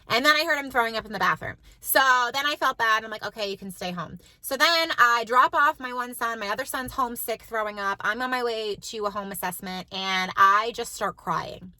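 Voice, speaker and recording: A woman in her thirties tells a story to the camera, chatty and full of "like". Her voice is high and bright. The sound is close and dry. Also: no echo, poor audio. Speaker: mom vlogger. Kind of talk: casual chat to camera.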